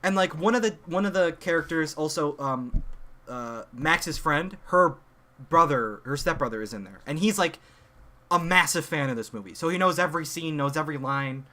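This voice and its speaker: Excitable young man rambling about a movie. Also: on the high side, normal speed. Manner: rambling, excitable retelling with many fillers and restarts. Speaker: podcast co-host. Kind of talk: casual chat, movie recommendation.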